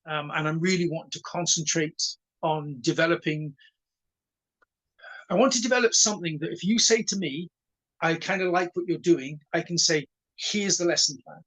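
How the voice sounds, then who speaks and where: The speaker is a husky Welsh karate instructor in his sixties, a guest in an easygoing storytelling interview. His voice is a little high and his pace moderate, heard on a low-quality recording, and he acts out dialogue animatedly while stuttering on repeated words.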